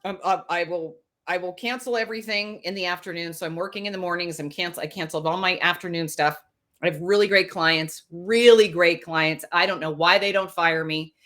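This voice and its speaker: A woman in her forties co-hosting a podcast, telling a story in a casual, animated way, full of fillers and restarts. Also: on the low side, quick pace, hardly any pauses. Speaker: podcast co-host. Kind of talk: casual chat.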